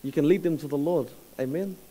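A man in his thirties with a New Zealand accent, telling a story in a casual, halting sermon with fillers and laughs. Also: a little high, mellow, husky, low-quality recording. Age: 30s. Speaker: church speaker.

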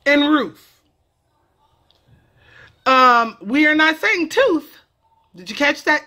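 Woman vlogger, casual comedic explainer; animated and cheeky with a sharp, bright tone. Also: high-pitched, slow pace, long pauses. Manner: animated, profane, playful banter.

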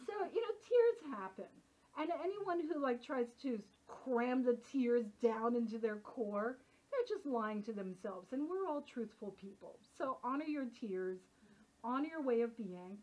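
Workshop leader, woman, lively casual talker, slightly high pitch, muffled lo-fi sound. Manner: chatty, animated, uses filler like. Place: workshop room. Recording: dull lo-fi recording.

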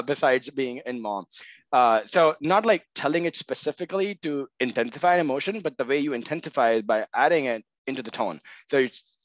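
A man's voice: medium pitch, a bit bright, no room sound, muffled recording. A man speaking as an interview guest in casual conversation, hedging with fillers and often asking "right?". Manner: many fillers, frequent "right?" checks. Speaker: guest, marketing tech co-founder.

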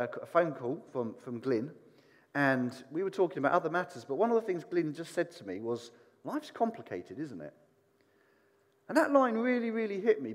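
A man preaching a sermon, animated and putting questions to the congregation. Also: a little high, big-room sound. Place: church hall.

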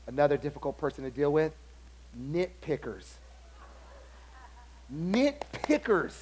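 A man pastor preaching a sermon, telling stories with lively acted-out dialogue. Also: high-pitched, moderate pace, slight background noise. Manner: animated storytelling, acts out other people's lines.

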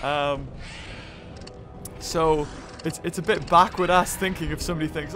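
Man, nasal voice, high and lively pitch, tired gaming commentary, music underneath. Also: a little slow, pauses often. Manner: animated, chatty, ranting. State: short on sleep. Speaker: gaming channel host.

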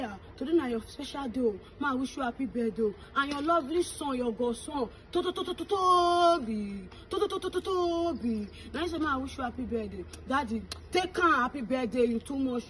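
A woman's voice: high-pitched, a little hiss or hum, rough recording. A woman with a Nigerian Pidgin English accent speaking in a casual vlog, heaping blessings and well-wishes. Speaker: vlogger. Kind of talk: casual birthday message.

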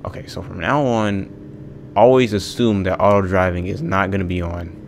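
Gravelly young man ranting over gameplay. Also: low voice, fairly even intonation, normal speed, a little hiss or hum. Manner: exasperated, ranting, swears often. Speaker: gaming video host. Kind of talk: let's play commentary.

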